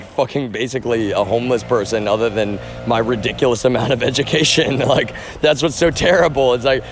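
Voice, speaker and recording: A man's voice: medium pitch, a little hiss or hum. A man streaming live outdoors on a phone, rambling and profane, often calling out to "y'all".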